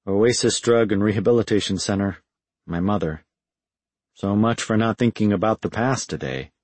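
A man reading a first-person audiobook in a measured, reflective way. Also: lowish voice, darkish tone, dry recording. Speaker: audiobook narrator.

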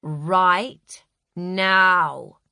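A woman's voice: mid-range voice, expressive, measured pace, pushed and bright, dry recording, studio quality. A woman voicing a proud, prickly middle-aged romance novelist who speaks in short commanding lines. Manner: clipped, commanding.

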